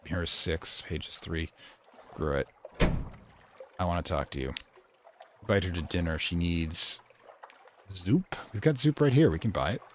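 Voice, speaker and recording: A man's voice: low voice, measured pace, pauses often, noisy background. A man hosting a let's play, casually thinking aloud and reading game text.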